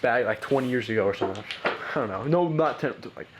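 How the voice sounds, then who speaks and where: A man talks through a personal story on a podcast in a loose, rambling way, leaning on "like" and "bro" and restarting his sentences. His voice sits at an ordinary middle pitch. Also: expressive, fast talker, background noise. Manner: rambling, heavy use of "like" and "bro", frequent restarts. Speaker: podcast guest.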